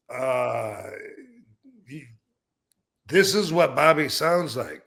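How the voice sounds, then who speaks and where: A man's voice: medium pitch, expressive, very slow, vocal fry, long pauses, a bit bright, husky. Male podcast host, easygoing and rambling, full of fillers and restarts. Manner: laughs between remarks. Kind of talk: casual chat.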